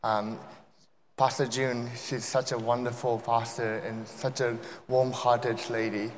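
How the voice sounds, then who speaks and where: A man with an opens a sermon as a guest preacher, polite and a little halting, with repeated restarts. His voice sits at a middling pitch. It rings through a large cathedral with a long, echoing reverb and faint room noise behind it. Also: flat delivery. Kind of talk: sermon opening.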